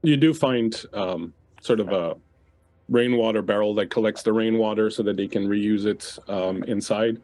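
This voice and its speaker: Lower-voiced male game master. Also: steady tone, normal speed, dark tone, no room sound. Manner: descriptive with frequent uhs. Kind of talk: narrating a tabletop game.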